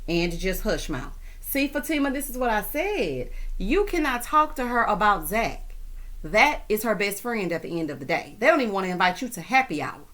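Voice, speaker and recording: A woman's voice: mid-range voice, sing-song, moderate pace, a bit bright. Sassy chatty woman recapping a show. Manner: sassy, chatty, laughs often. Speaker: TV recap host. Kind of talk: casual episode recap.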